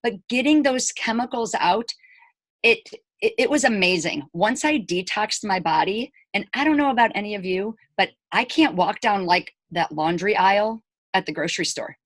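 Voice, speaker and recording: With a medium pitch, a moderate pace, and no room sound, a chatty woman in her 40s tells her own story to camera. An elementary school teacher, she retells scenes by quoting people's dialogue and drops in emphatic, animated comments to viewers.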